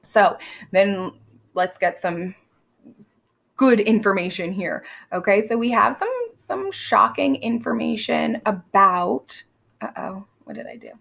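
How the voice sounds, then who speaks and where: Woman, teacher, casual recorded lesson, quizzes students, gravelly fry, mid pitch. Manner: conversational, with quick asides and quizzing questions; reads quoted lines aloud in a plain voice. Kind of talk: recorded classroom lesson walking through a play.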